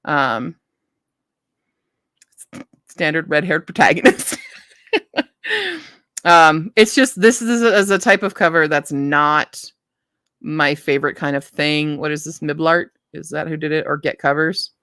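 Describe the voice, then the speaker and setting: A woman's voice: low-pitched, unhurried, pauses often, fairly bright tone, clear, resonant tone, dry recording, studio quality. A woman hosting a live book stream, chatting casually and thinking aloud as she reads blurbs, often restarting her sentences. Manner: self-interrupting, frequent restarts.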